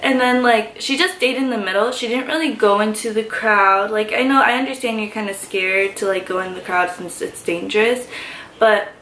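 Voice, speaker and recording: A woman vlogger telling a story in excited, gushing chatter full of fillers. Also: medium pitch, normal speed, a little hiss or hum. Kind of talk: casual story time. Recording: echoey room.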